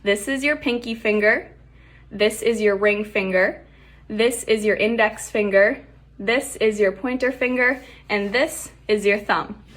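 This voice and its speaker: A woman's voice: mid-range voice, measured pace, fairly bright tone. A woman from Texas with a Southern accent, explaining English words in short lesson clips. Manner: clear, explanatory. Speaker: English teacher. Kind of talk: short English-tip reels.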